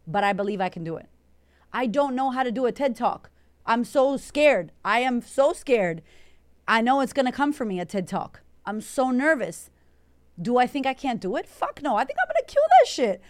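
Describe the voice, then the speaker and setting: This is a woman from Puerto Rico running an Instagram live as a confidence coach, and her voice sits a little higher than most. She talks in a brash, energetic way and swears freely. She reads out viewer comments and answers them on the spot. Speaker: confidence coach and podcast host.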